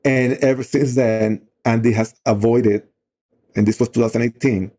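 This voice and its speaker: A man's voice: medium pitch, fairly even intonation, moderate pace, warm tone. A middle-aged man on a talk show, earnestly telling a story with many "you know" fillers. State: emotional while telling the story. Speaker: guest on a talk show, outdoor program leader. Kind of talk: conversational storytelling.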